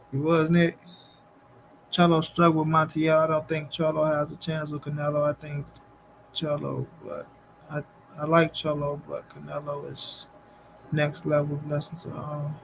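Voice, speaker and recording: A man with a high voice hosts a casual boxing stream, reading viewer comments and answering them directly. He talks in loose slang and repeats his lines for emphasis. A faint background hum sits under his voice. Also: monotone, a little slow, gravelly. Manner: slangy, repeats phrases, addresses chat directly. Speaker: boxing livestream host.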